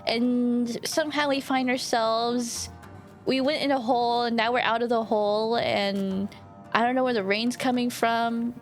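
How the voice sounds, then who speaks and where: A woman's voice: on the high side, steady tone, measured pace, faint music behind. A woman streamer chatting casually with her viewers while playing a game, giggling often and swearing now and then. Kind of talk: casual livestream chat while gaming.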